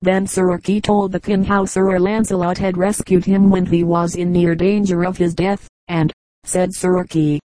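A woman narrating an audiobook in a measured storytelling manner. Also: lowish voice, flat delivery, warm tone, no echo, low-quality recording. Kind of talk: audiobook reading.

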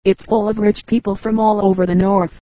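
Brief: woman reader doing a prim, gossipy young lady, disapproving tone, mellow and dry. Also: mid-range voice, little pitch movement, fairly quick, no room sound, close to an everyday voice, rough recording. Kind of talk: audiobook character reading.

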